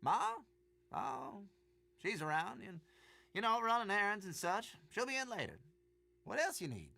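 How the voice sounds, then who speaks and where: Old shopkeeper, drawl, evasive, gravelly, very dry sound. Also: male voice, high voice, big pitch swings, normal speed, bright, forceful tone, dry recording, exaggerated voice. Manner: drawling, chatty, dodging questions. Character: folksy older male rural shopkeeper, evasive. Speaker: game character.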